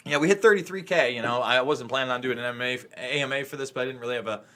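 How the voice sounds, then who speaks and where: A man's voice: mid-range voice, very fast, bright, forceful tone. A man hosting a casual chat, joking and ranting with profanity. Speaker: podcast host.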